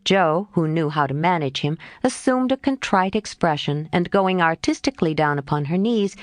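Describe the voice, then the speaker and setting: A woman narrating a classic novel as an audiobook in an expressive storytelling manner. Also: on the low side, moderate pace, hardly any pauses, no room sound, clean studio sound.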